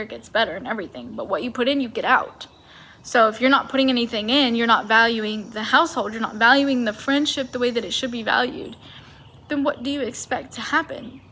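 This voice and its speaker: A woman's voice: a little high, fairly bright tone, a little hiss or hum. A woman hosting a solo podcast, talking in a casual, emphatic and opinionated way. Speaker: podcast host.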